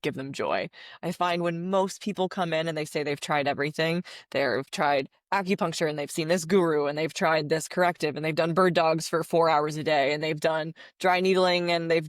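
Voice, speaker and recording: A woman physical therapist speaks as a podcast guest, explaining her approach with steady confidence. She piles up examples in long, flowing lists. Her voice is recorded close and dry. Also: sits low, dry recording. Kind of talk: interview answers.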